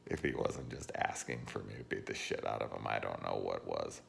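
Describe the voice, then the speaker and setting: Very deep, gravelly-voiced man ranting. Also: normal speed, slight background noise. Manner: profane, animated, laughs while telling stories. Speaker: horror movie reviewer. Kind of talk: casual storytelling rant.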